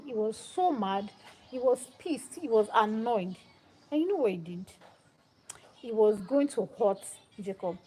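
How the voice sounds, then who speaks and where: A young woman hosting a live stream, telling a Bible story in a casual, animated and dramatic way. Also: a little high, slight background noise, poor audio. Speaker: livestream host.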